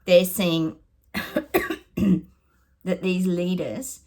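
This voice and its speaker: A woman's voice: medium pitch, lively intonation, takes it slowly, pauses often. A middle-aged Australian woman, a psychic giving casual predictions, chatty and sarcastic, often laughing.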